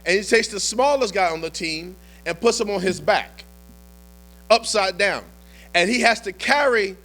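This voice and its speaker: A man preaching a sermon as pastor, telling a story and building to impassioned shouts. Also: high-pitched.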